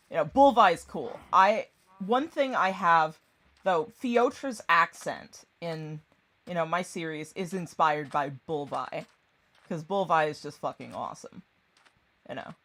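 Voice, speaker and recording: A channel creator with a medium-pitched, slightly bright voice casually retells a book and film in a loose, rambling way. The retelling is full of fillers, swearing and laughter, and the creator acts out the characters' lines along the way.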